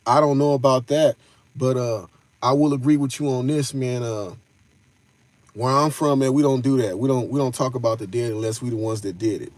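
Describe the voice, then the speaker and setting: Talking at a normal speed in a mid-range, slightly mellow voice, a man runs a live stream on a dry recording. He keeps it loose and full of slang, addressing his chat directly as he gives casual commentary.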